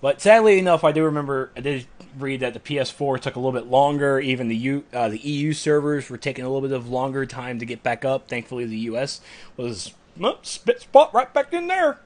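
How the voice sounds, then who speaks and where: A young adult man on a gaming podcast, talkative and self-deprecating. His voice is mid-pitched and conversational. He reads listener posts aloud, then riffs on them casually. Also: fairly even intonation, quick pace, a little mellow. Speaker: podcast co-host.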